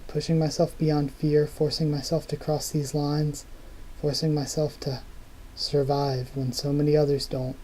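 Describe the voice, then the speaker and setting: A man's voice: fairly high pitch, mellow, breathy edge, rough recording. A man reading aloud as an exhausted, grieving leader who is scared and ready to give up. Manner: read aloud plainly from a comic.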